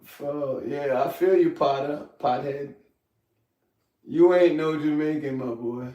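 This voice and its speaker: A man's voice: a little high, slow, dark tone, reverberant, recorded from a distance. A young man hosting a casual livestream while he cooks, joking loosely and talking to his chat. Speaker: livestream host. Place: home kitchen.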